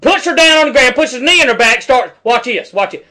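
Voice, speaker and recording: A man's voice: very high-pitched, lively intonation, a little fast, pushed and bright. A middle-aged man, angrily commenting over a news clip and talking back at the screen in a preachy, heated way. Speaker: video commentator.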